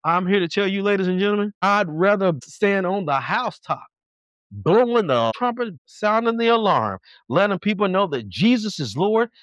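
A fervent male preacher with a somewhat high voice, pressing his points hard. He races through some lines and stretches others out for weight. The sound is dry and close, with no room around it. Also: animated, a bit bright, clear, resonant tone, dry recording. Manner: fervent, emphatic, shifts between fast bursts and slow drawn-out lines. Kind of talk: sermon.

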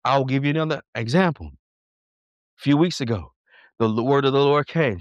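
A man preaching a sermon with fervent emphasis, sometimes rushing and sometimes drawing his words out slowly. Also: mid-range voice, expressive, no room sound, lo-fi sound. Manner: fervent, emphatic, shifts between fast bursts and slow drawn-out lines.

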